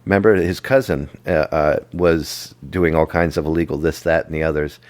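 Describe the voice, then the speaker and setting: A man with a very low voice, talking casually on a movie podcast. He meanders through the story and makes fun of himself as he goes. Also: steady tone, a little mellow. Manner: rambling, self-mocking recap with quick jokes. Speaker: podcast co-host.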